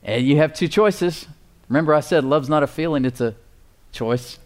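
A man preaching a sermon, slowing down to stress key phrases and calling for responses from the congregation. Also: fairly high pitch, a little mellow. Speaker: pastor.

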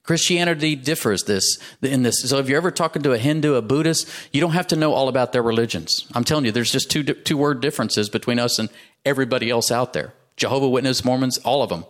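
A man's voice: mid-range voice, fast. Male pastor, emphatic sermon delivery with call-and-response.

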